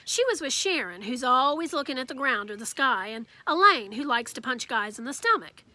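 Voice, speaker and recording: Bright high-voiced woman reading a story. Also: fairly quick, dry recording. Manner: lively storytelling narration. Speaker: reader. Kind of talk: reading a children's novel aloud.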